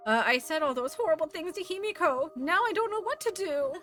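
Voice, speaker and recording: Woman playing a forceful fiery girl, high and loud, game music behind. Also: lively intonation, fairly quick. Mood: upset. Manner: forceful, emphatic, shouting. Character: loud, fiery young martial-artist girl. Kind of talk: game dialogue read aloud on stream.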